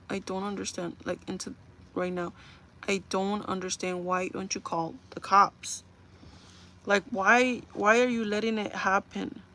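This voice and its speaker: A young woman chatting casually to viewers on a makeup livestream, telling stories in an animated, talkative way. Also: medium pitch, a little hiss or hum.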